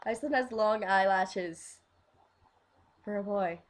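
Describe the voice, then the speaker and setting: A young woman hosts a casual fan vlog in an easy, mid-pitched voice. She talks at a slow, drawn-out pace. Her thoughts wander, and she trails off and starts again with little giggles. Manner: rambling, giggly, trails off and restarts. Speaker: fan video host.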